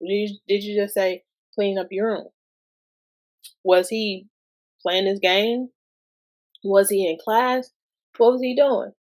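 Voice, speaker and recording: A woman, guest-hosting a podcast and talking casually about parenting, asking lots of rhetorical questions. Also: medium pitch. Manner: slow, conversational, asks many rhetorical questions.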